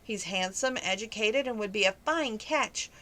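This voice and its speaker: A woman's voice: mid-range voice, animated, moderate pace, sharp tone. A woman reading the lines of a fashionable, pushy middle-aged mother with a sugary, prodding manner. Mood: scheming.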